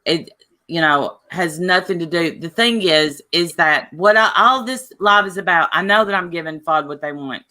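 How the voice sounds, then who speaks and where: A woman with a bright, clear tone talks in a live stream chat. She presses her points insistently and defends herself. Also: fairly low pitch, moderate pace.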